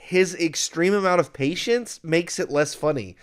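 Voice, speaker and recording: A man co-hosting a casual film review chat, talking in an animated way and sometimes acting out scenes. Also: on the high side, normal speed, smooth. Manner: animated, acts out scenes in exaggerated voices. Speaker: podcast co-host reviewing films.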